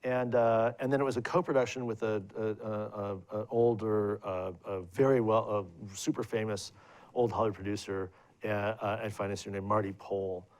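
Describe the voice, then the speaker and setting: Here a middle-aged man, a guest filmmaker at a live student event, talks through his career in rambling, anecdotal fashion, with many fillers and restarts. His voice is lowish and a little mellow, with fairly even intonation and a moderate pace.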